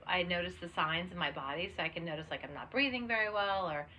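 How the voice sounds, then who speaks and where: A woman's voice: on the low side, fast, pushed and bright. A young adult woman co-hosting a podcast in casual chat, with lots of "like"s and restarts. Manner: talks with many "like"s and restarts. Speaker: podcast co-host. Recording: dull lo-fi sound with faint noise.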